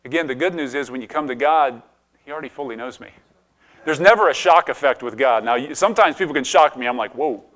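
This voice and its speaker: A middle-aged man, his voice mid-range, fast, and a bit bright, preaches a sermon as a pastor. He talks conversationally, quizzing the congregation and repeatedly restarting sentences.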